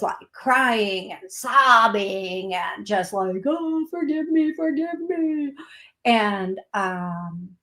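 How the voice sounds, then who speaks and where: A woman with an Upper Midwest accent hosting a call-in psychic show, calling people love in a soothing, unhurried way. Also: medium pitch, echoey room. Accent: Upper Midwest American. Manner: warm, calls people love, slow and soothing; laughs at herself, gets giggly. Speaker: psychic medium host.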